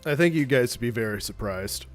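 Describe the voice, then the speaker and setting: A man's voice: medium pitch, lively intonation, a little fast, soft background music. A man streaming casually, bantering with his chat and joking at his own expense.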